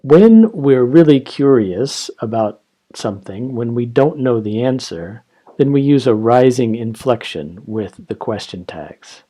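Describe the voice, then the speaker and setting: A man gives an English grammar lesson at an unhurried pace. His voice is mellow and a little husky. He explains each point and reads short example dialogues aloud. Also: medium pitch, very animated. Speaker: English teacher.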